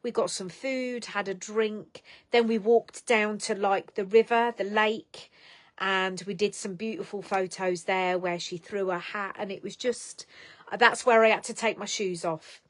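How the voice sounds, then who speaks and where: A woman's voice: medium pitch, fairly even intonation, a little slow. A middle-aged woman hosting a casual live stream, chatting bluntly, swearing freely and giving tough-love pep talks to viewers.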